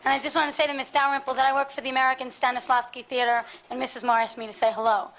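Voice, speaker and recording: A woman's voice: high-pitched, level tone, racing, a bit bright, a little hiss or hum, low-quality recording. A woman in the audience asking a question, chatty and a little flustered. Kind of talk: question from the floor.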